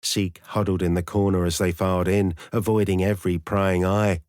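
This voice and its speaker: A man narrates an audiobook in a steady, measured storytelling manner. His voice sits fairly low, and the recording is dry and close with no room sound behind it. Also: smooth, dry recording.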